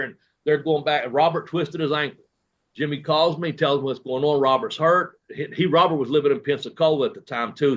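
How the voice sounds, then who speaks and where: This man is a guest on a casual interview, a retired professional wrestler spinning long, rambling stories packed with quoted dialogue and fillers. His pitch is fairly high, and the recording sounds lo-fi.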